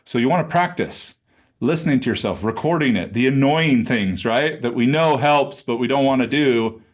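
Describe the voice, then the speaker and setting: A man coaching a live online class over a video call, with a mid-range voice. He talks casually and with energy, now and then dropping into a low throaty tone to show how a question should sound. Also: moderate pace. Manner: animated, demonstrative, conversational, drops into low throaty demonstrations. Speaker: business coach. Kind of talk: live webinar teaching.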